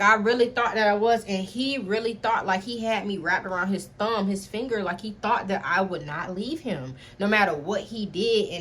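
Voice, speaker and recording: Addressing her viewers straight on, a young vlogger animatedly shares a personal storytime in a relaxed video. Her medium-pitched voice is peppered with a steady stream of "y'all" and free swearing.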